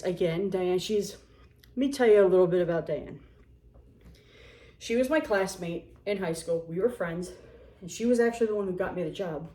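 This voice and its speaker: A woman in her forties casually telling a story as a vlogger, animated and sarcastic, acting out the people in it. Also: mid-range voice. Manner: animated, sarcastic, acts out quotes. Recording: roomy echo.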